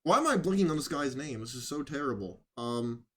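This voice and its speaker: A man's voice: medium pitch, expressive, a little fast. A man hosting casual political commentary, sarcastic and rambling, who mocks others by putting on voices. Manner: rambling, with restarts.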